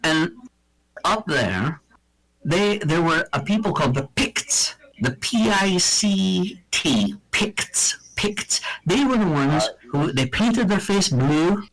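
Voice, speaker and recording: A man's voice: high voice, expressive, slow, a bit bright, rough recording. A man co-hosting a casual chat show, rambling through a story with swearing and mock accents. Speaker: podcast co-host. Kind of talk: casual banter.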